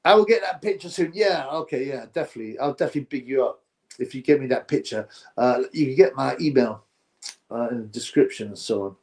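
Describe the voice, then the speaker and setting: A man hosting a live stream, chatting to viewers and reacting excitably to a fight. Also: medium pitch, quick pace. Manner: chatty, excitable, slangy, talks to chat viewers.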